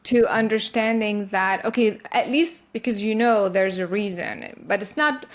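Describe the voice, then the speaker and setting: A woman guest in an interview, earnestly explaining her ideas in quick bursts with frequent restarts. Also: mid-range voice. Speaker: guest, consciousness researcher. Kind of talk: interview conversation.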